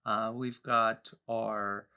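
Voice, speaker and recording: Gravelly-voiced church host, joking. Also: male voice, fairly low pitch, flat delivery, very slow. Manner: warm, joking, restarts phrases. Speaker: Sabbath School host. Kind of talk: church program talk and prayer.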